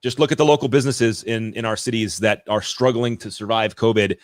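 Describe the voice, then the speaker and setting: A man's voice: lowish voice, brisk, no room sound. A man hosting a podcast who asks reflective questions and often restarts his sentences. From California. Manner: reflective, searching, with frequent restarts. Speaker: podcast host. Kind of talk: casual podcast interview.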